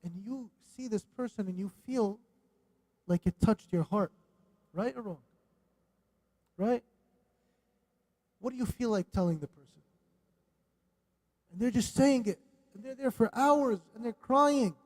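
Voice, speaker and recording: A man giving a religious lesson in a mosque, animated and questioning his audience, dropping Arabic religious phrases. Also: very high voice, unhurried, pauses often. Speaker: religious teacher. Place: mosque hall.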